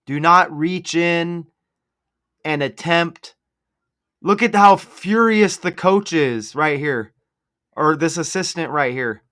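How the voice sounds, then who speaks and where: A man's voice: on the high side, slow, a bit bright, clear, resonant tone. A man hosting a casual video, commenting sarcastically over game footage and laying out number-cipher theories. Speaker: sports commentary video host.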